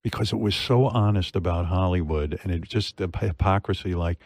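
Lower-pitched man gushing casually. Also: fairly quick, darkish tone, no room sound. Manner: enthusiastic, profane, rambling with fillers. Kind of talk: casual interview chat.

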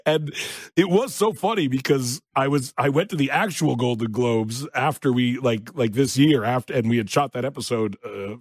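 Guy chatting on a show, husky voice, dry room, laughs a lot and tells stories. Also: medium pitch, moderate pace, no room sound. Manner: laughing often, animated storytelling. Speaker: show co-creator guest. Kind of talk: casual interview chat.

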